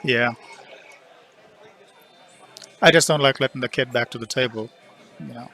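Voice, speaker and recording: A man with a bright, forceful voice calls a pool match live from a headset in the commentary booth. He jokes between shots and gives blunt opinions on the table layout. Faint music sits behind him. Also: mid-range voice, measured pace. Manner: joking, opinionated about shots.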